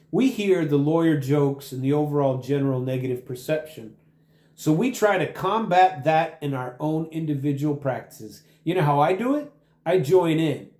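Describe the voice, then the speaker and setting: A man's voice: mid-range voice, dark tone. Combative male podcast host, echoey room. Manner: combative, sarcastic, addresses opponents directly. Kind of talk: talk show monologue.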